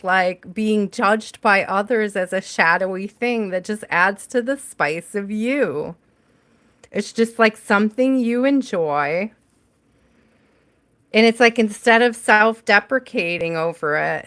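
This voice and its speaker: A woman reading tarot on a relaxed livestream, speaking at an unhurried, drawn-out pace. She chats with her viewers by name and laughs easily between thoughts. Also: mid-range voice. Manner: chatty, answers viewers by name, laughs often. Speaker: tarot reader.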